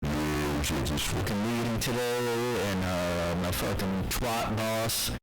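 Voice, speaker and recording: A man voicing an angry, loud male satellite-radio shock jock who rants with profane catchphrases. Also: on the low side, measured pace, loud music behind the voice, rough recording. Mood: ranting. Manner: shouting, ranting, profane catchphrases. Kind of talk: mock radio show bit.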